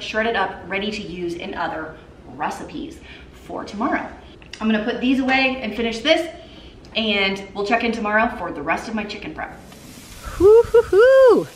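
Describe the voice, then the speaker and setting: Cooking at home, a mother in her thirties talks casually and cheerfully to her viewers, vlogger-style. Her voice is mid-range. The recording has the echo of a kitchen room and a little hiss or hum.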